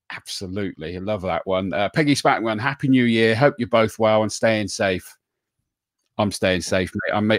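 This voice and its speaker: A man's voice: lowish voice, dry recording, studio quality. A man hosting a casual live stream, joking with his co-host and reading out viewers' names and greetings.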